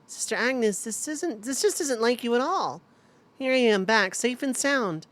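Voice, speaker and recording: A woman's voice: a little high, lively intonation, a little slow, fairly bright tone, voice pushed up. A woman reading as an earnest young heroine. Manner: reading game dialogue aloud. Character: young woman returning home, earnest and cheerful.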